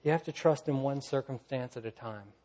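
A man preaching a sermon, swinging from loud, lively storytelling to quiet, low emphasis. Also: brisk. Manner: earnest preaching, rising loud in stories, dropping soft and low. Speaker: pastor.

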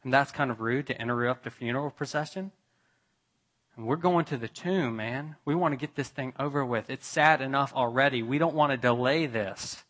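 A man preaching a sermon to his church, slow and deliberate, building to emphatic, raised passages and dropping to quiet ones. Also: mid-range voice. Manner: slow, with long pauses, rising to emphatic peaks. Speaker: pastor.

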